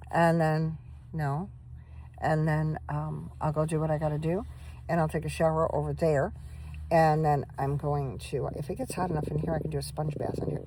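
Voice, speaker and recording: A woman's voice: sits low, flat delivery, moderate pace, warm tone, a little hiss or hum, low-quality recording. A tired woman chatting casually to her phone camera from inside a parked van, sometimes breaking off to talk to her dog. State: tired, coughing. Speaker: van life vlogger. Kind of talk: casual vlog chat.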